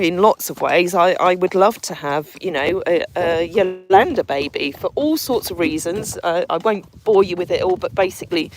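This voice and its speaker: Rambling woman host on a noisy stream. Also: fairly low pitch. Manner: rambling, repeats words, many fillers. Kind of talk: casual live-stream chat.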